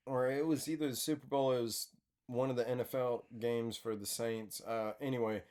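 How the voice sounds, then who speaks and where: A young man hosting a casual breakfast podcast chat and telling animated stories with frequent laughter. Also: medium pitch, normal speed. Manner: animated storyteller, laughs a lot, restarts often. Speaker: podcast host.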